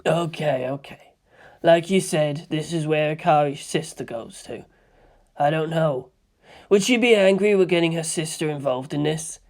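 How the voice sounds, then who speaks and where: A woman's voice: normal speed, a little mellow. A woman doing a muttering nervous teen boy. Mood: uneasy. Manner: low, muttering. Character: gruff nervous teenage boy.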